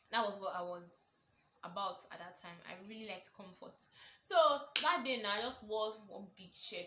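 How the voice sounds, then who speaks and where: A young Nigerian woman with a Nigerian accent, telling a casual storytime vlog and acting out the people in her story with big jumps in pitch. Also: roomy sound, background noise. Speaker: vlogger.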